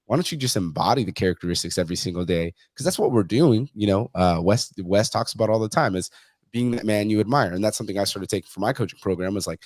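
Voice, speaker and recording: A low-voiced man speaks bluntly and swears often, telling stories from his coaching and acting out what people said. The sound is close and dry, with no room around it. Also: fast talker, a little mellow, no echo. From Mexican heritage. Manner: blunt, profane, storytelling with quoted asides. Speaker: fitness coach, guest. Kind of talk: casual interview chat.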